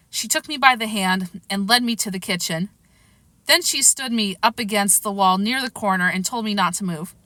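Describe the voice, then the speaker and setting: Bright, lively woman storybook reader. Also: medium pitch, moderate pace, dry recording. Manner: lively, expressive. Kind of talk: storybook narration.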